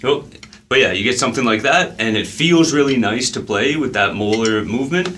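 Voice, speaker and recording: A man teaching a drum lesson in a relaxed way, counting the beats out loud as he plays. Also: medium pitch, a little fast, noisy background. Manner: counts beats aloud while playing, casual with fillers. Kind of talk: relaxed instructional talk.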